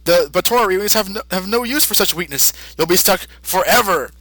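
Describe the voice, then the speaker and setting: A dismissive old male deity, put on by a man with a flat, offhand manner. The voice sits fairly high and bright, recorded dry and close. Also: brisk, no echo, poor audio.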